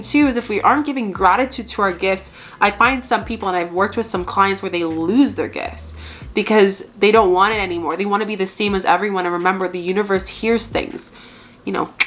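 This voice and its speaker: Young woman, spiritual coach to camera, earnest and effusive, mid-pitched voice. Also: fairly bright tone. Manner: gushing, earnest, repeats itself, speaks to viewers as family. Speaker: spiritual coach and channel host. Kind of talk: casual talk to camera.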